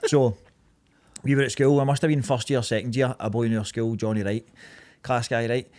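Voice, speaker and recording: A Glaswegian man in his thirties telling a story in casual podcast chat. He swears freely and laughs as he talks, at a medium pitch. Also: fairly even intonation, fairly quick, a little mellow. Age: 30s. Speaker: podcast co-host.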